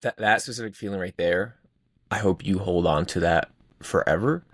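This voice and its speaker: A man's voice: low voice, moderate pace, breathy edge, dry recording, studio quality. A man co-hosting a podcast in casual chat, talking with eager enthusiasm and laughing often. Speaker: podcast co-host.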